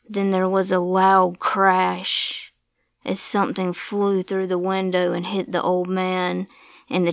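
Slow, low-pitched female narrator, dry studio read. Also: smooth, no echo. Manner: slow, measured storytelling, sometimes hushed. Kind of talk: scripted ghost story narration.

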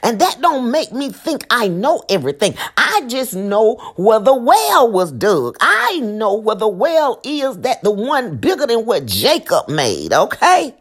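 A woman's voice: fairly high pitch, wildly swooping pitch, a little slow, few pauses, slightly rough. A woman preaching an impassioned sermon, emphatic and repeating her lines with asides to the listeners.

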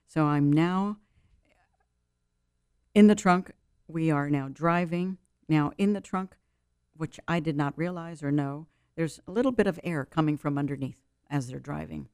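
A woman's voice: low-pitched, a little slow, a little mellow, smooth, dry recording, studio quality. Earnest woman telling a dramatic story. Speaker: interview guest. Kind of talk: personal story told in an interview.

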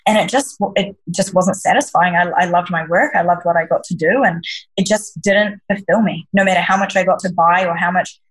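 A woman with a slightly low, husky voice talks earnestly as a podcast guest. She is a leadership coach and answers reflectively, often circling back and restarting her sentences. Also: brisk, low-quality recording. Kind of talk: conversational interview answers.

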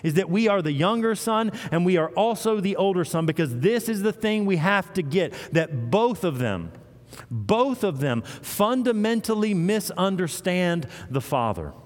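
A man preaching a sermon in a church, retelling a parable and acting out its voices with animated storytelling. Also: sits high, normal speed. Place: church sanctuary. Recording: long hall reverb.

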